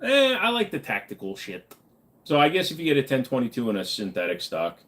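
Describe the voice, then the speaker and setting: A man's voice: medium pitch, wildly swooping pitch, a little fast, a bit bright. A man hosting a casual livestream, reading viewers' chat aloud and answering with loose, joking, profane banter. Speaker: livestream host.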